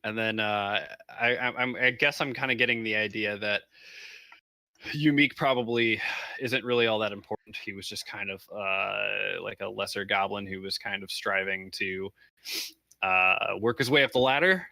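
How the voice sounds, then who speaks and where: Male player, lowish and bright, halting, dry sound. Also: fairly even intonation, creaky, no room sound, rough recording. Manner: hesitant, many fillers. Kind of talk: playing a tabletop game.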